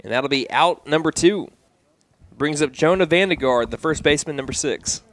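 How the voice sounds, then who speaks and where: A man calling a high school baseball game on local radio, steady and conversational, with his voice jumping up on strikeouts and big plays. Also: moderate pace, no echo. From United States. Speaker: play-by-play radio announcer. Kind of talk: baseball play-by-play commentary.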